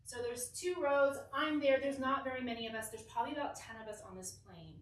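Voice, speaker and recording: A young woman from Southern California telling a lively, giggly personal story to a church youth group, acting out the quotes. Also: high voice, quick pace, recorded from a distance, a little hiss or hum. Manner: animated, giggly, acts out quotes. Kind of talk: casual storytelling talk. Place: church hall. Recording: echoey hall, mic from afar.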